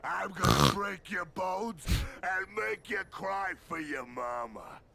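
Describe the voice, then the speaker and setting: An actor voicing a brutish, threatening armored supervillain in a video game, slow and gravelly. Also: male voice, sits high, very animated, pushed and bright, exaggerated voice. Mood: menacing.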